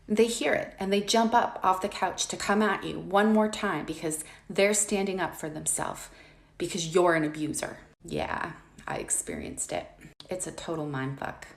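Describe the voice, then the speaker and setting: Woman, swears a lot, raw and frank, lowish voice, echoey room. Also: normal speed, creaky. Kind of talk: personal story.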